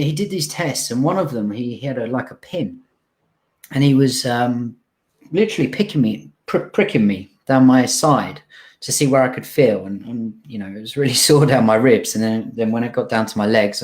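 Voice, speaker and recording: A young man, an interview guest, telling a personal story in an emotional, heartfelt way, often halting and restarting. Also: medium pitch, darkish tone.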